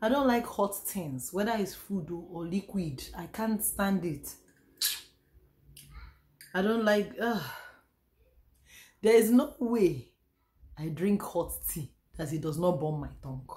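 Hoarse Nigerian woman vlogging. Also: lowish voice, takes it slowly, pauses often, darkish tone. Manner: chatty, repeats herself, sighs and trails off. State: hoarse, losing her voice. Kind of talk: casual home vlog chat. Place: room at home.

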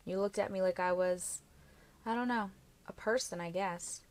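A woman's voice: medium pitch, moderate pace, close to an everyday voice. A woman reading a cocky, tender young man. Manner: teasing, blunt, swears easily. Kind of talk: audiobook character reading.

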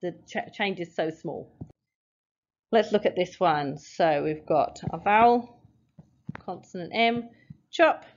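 A woman's voice: lowish voice, lively intonation, darkish tone. Patient woman teaching phonics, lo-fi. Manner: patient, step-by-step, sounds out letters slowly. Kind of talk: phonics lesson, explaining at a board.

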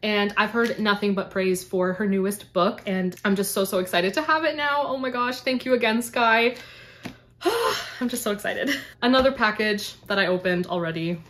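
A young woman from Canada talks straight to camera in a casual book vlog, her voice sitting at an ordinary middle pitch. She gushes effusively and keeps doubling her words for emphasis. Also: a little fast, a bit bright. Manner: gushing, effusive, repeats "so, so". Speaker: book vlogger. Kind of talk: casual unboxing chat to camera.

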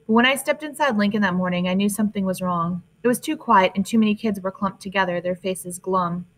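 A woman narrating a first-person novel in a plain, steady reading voice. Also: medium pitch, fairly quick, rough recording. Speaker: audiobook narrator. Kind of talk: audiobook narration.

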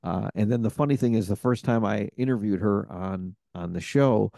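A podcast host telling stories in a casual chat, rambling with many fillers. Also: male voice, lowish voice, normal speed, vocal fry, mellow, no room sound, clean studio sound.

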